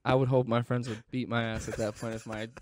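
A man's voice: mid-range voice, level tone, fast, crowd noise. A man in his thirties telling a story in a casual, laid-back way, swearing and saying "dude" often.

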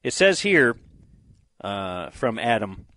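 A man's voice: on the low side, very animated, takes it slowly, sharp tone, no room sound. A man hosting a radio show, blunt and wry as he steers the talk. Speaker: radio host. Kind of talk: casual radio banter.

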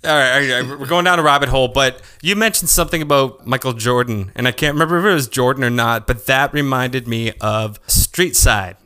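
Male podcast host, smooth clear voice, fan-like and eager, moves topics along. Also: mid-range voice, fairly quick, few pauses, bright, forceful tone. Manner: eager fan, steers the talk. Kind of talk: casual interview chat.

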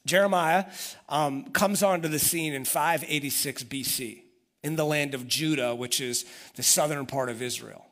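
A man's voice: a little high, normal speed, a bit bright. A man preaching a sermon, telling the story with energy and acting out the voices of the people in it. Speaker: pastor.

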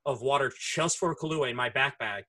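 A man's voice: medium pitch, a little fast, sharp tone. A man in casual chat, telling profane stories and acting out voices, speaking through headphones. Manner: profane storyteller who acts out voices.

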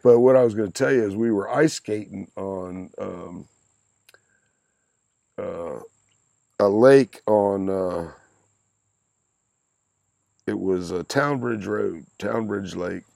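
A man's voice: lowish voice, slow, vocal fry, long pauses, dark tone, dry recording. A man in his sixties on a podcast, telling rambling anecdotes in a casual chat, laughing often and swearing freely. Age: 60s. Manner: rambling anecdotes, frequent laughter, crude language. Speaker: podcast guest, father of the host.

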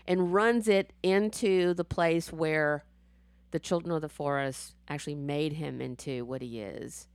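A woman in casual chat, excitedly recapping a TV episode, swearing freely and acting out the scenes. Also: sits low, measured pace, no echo.

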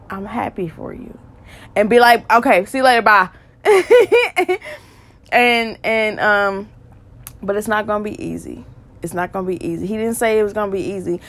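A woman hosting a podcast and sharing a faith testimony, earnest and repetitive, stressing points again and again. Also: mid-range voice. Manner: earnest and repetitive, with quick bursts of emphasis and laughs. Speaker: podcast host. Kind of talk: faith testimony talk, preaching.

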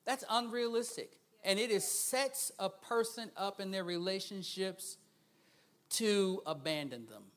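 A man preaching a sermon as a guest speaker, swinging between hushed asides and loud, emphatic bursts and laughing often. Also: high-pitched, unhurried.

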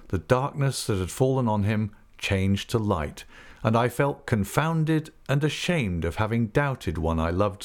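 A man narrating an audiobook in the first person, reading in an earnest, expressive way. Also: medium pitch.

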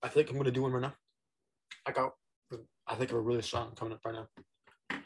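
A man co-hosting a comedic podcast, deadpan and halting as he talks. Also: medium pitch, a little hiss or hum. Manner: deadpan, hesitant with fillers. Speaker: podcast co-host.

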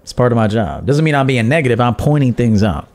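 This podcast host and dating coach runs a livestream dating-advice show, reading out viewer donations in a brash, joking, profane manner. His casual monologue comes fast and animated in a medium-pitched voice with a darkish tone.

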